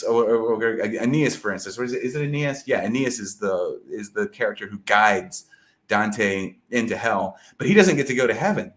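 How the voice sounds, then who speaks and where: A man talking in a casual podcast chat, rambling with many fillers and restarts, loose and a little profane. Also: on the low side. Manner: rambling, filler-heavy, lots of "like" and "you know". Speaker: podcast guest discussing an epic poem.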